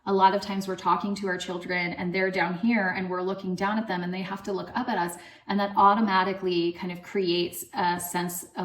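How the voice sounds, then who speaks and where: A woman's voice: fairly low pitch, fairly bright tone. A woman speaking as a parenting coach, giving casual advice in a loose, chatty way full of fillers. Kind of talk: casual advice talk to camera. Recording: echoey room.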